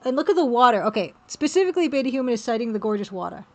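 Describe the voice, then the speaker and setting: A woman's voice: fairly high pitch, very fast, dull audio. Chatty woman on a live stream. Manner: chatty, reads viewer messages aloud, excitable exclamations. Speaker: game developer streaming while drawing. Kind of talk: casual live-stream chat.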